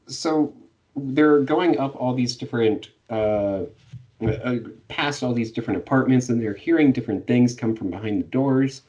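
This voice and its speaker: A man's voice: mid-range voice, darkish tone, far from the mic, highs cut off. A man co-hosting a casual book discussion, laughing often and hesitating with fillers. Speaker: podcast co-host.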